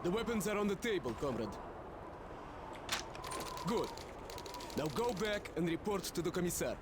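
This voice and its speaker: Soviet soldier, brisk orders, high lively voice, heard from a distance over game noise. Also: male voice. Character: male Soviet soldier giving instructions. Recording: distant noisy game audio.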